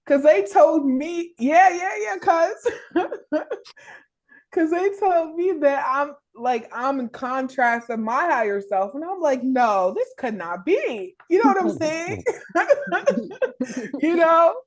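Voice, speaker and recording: A woman's voice: very high-pitched, animated, slow pace, pauses often. A woman in casual spiritual chat, often affirming her friend and laughing as she tells her own story. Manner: agreeable, frequent affirmations, laughing. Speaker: podcast co-host.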